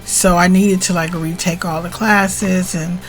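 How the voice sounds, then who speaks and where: A woman's voice: unhurried, soft background music. Emotional woman telling a personal story. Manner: emotional, animated retelling with rising pitch and tearful outbursts. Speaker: spiritual vlogger.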